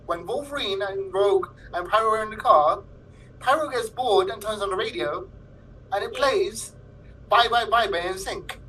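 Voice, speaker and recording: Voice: mid-range voice, normal speed, pushed and bright. A panelist on a pop-culture show, eagerly sharing trivia in casual chat. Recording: distant mic with faint background noise.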